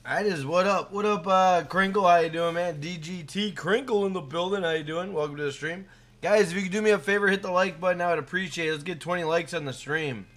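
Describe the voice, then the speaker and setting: A man's voice: sits high, a little fast. A young man live-streaming a game, chatting casually and hyping up his chat by name. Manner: hyped, shouts out chat names.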